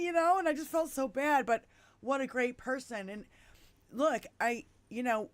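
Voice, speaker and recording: Brief: woman in her fifties hosting a podcast, lively storyteller with a salty mouth, fairly high voice, dry close sound. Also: normal speed, no echo. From United States. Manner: animated storyteller, swears freely. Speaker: podcast host. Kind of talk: casual chat.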